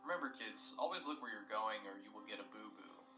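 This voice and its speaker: A man's voice: fairly low pitch, animated, fairly quick, pushed and bright, echoey room, distant mic, soft background music, full character voice. A man voicing a cheerful, murderous male children's-show puppet in a sing-song cheery way.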